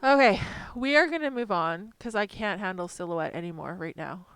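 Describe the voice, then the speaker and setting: A woman chatting casually as she designs stickers live, poking fun at herself and coaxing her software along. Her voice is smooth and clear at an ordinary middle pitch. The sound is close and dry, with no room echo. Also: expressive, normal speed. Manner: chatty, self-deprecating, talks to her software. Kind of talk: casual live-stream chat while working.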